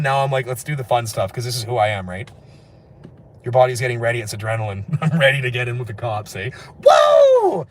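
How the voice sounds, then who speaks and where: A man from Canada chatting on a late-night livestream, reading viewer comments and rambling very fast between laughs. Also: medium pitch, fairly bright tone, slight background noise. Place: indoors at night, after a street walk.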